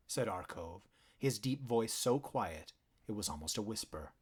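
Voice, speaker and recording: A man narrating an animal fantasy audiobook in a measured, dramatic storytelling manner. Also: on the low side, lively intonation, breathy edge.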